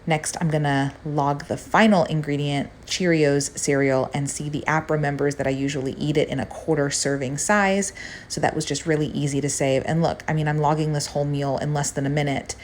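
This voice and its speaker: A woman's voice: low-pitched, slight background noise. A woman fitness coach chatting casually through a recipe and a meal-logging demo, upbeat and gushing. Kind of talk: casual recipe vlog chat.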